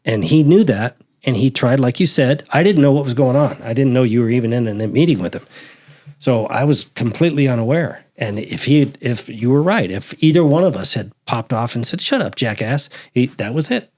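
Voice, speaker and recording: A middle-aged retired sheriff's detective speaks briskly in a medium-pitched voice during a casual interview. Telling animated stories, he acts out the voices of the people he quotes.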